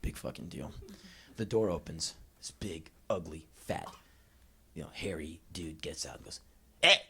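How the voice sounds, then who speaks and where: A man in his twenties from the United States telling a profane story live on stage, jumping into shouted impressions. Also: a bass voice, normal speed, creaky. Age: 20s. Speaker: spoken word performer. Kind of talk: live spoken word storytelling. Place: small live music venue.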